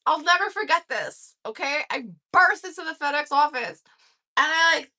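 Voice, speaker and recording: A woman in her forties telling a lively, profane story on a livestream, laughing as she goes. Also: sits high, moderate pace. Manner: profane and animated, laughing through stories. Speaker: livestream host. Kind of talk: casual storytelling.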